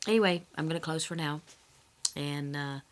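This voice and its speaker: A woman's voice: low voice, moderate pace. Rambling woman vlogging candidly, slight cough. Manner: rambling, self-correcting, candid. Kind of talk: casual personal vlog.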